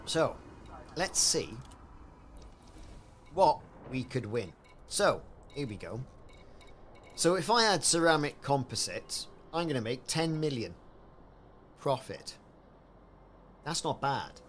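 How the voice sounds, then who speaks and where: Brief: male streamer, animated and rambling, with clear game engine hum underneath. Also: mid-range voice, slow, long pauses. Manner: chatty, rambling, reads and answers chat. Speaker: livestreamer. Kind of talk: casual live-stream chat while playing.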